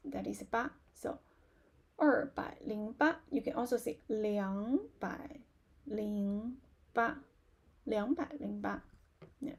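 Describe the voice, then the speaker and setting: Chinese woman teacher for a beginner class; slow, repetitive explaining, husky and fairly high. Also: dark tone. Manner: slow, patient explaining with many fillers and repetitions. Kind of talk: live online language lesson.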